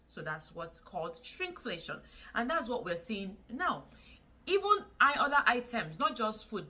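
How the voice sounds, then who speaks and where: A woman's voice: on the low side, sharp tone. A woman from Nigeria with a Nigerian English accent, talking to camera in a casual vlog, earnest and pleading, repeating words for emphasis. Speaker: vlogger.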